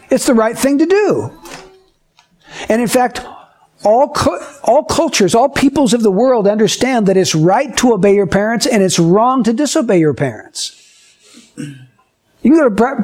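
Male Bible teacher, high voice, talks to kids and acts out little scenes as examples. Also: a little mellow. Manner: asks the listeners questions and acts out short scenes. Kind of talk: Bible lesson for children.

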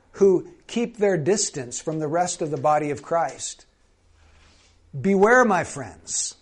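A man's voice: high-pitched, darkish tone. A man preaching a sermon in a conversational way, questioning his congregation. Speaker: pastor.

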